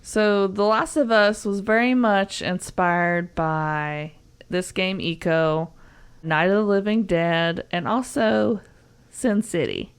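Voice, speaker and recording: A woman's voice: mid-range voice, slow pace, clear, resonant tone. A young woman with a Southern US accent, chatting as a podcast co-host, rambling with fillers and frequent giggles. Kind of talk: casual podcast chat.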